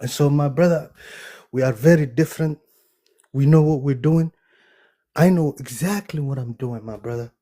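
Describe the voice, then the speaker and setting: A man from Somalia answering firmly and deliberately in a live panel debate, often addressing the other man as brother. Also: a little high, warm tone. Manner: measured, firm, calls listener brother. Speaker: panel participant.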